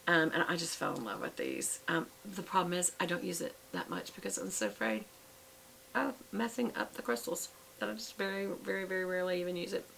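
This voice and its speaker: A woman's voice: on the low side, big pitch swings, a little fast, creaky, fairly bright tone, a little hiss or hum, rough recording. A middle-aged woman, chatting casually in a show-and-tell vlog and rambling with fillers and self-corrections. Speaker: vlogger.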